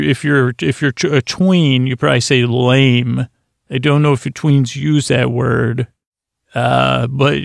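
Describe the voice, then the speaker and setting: A man hosting a bedtime podcast in a soft, lulling, creaky voice, meandering goofily through asides and restarts, recorded in a closet. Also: medium pitch, no room sound, studio quality. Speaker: podcast host. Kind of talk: rambling bedtime podcast monologue.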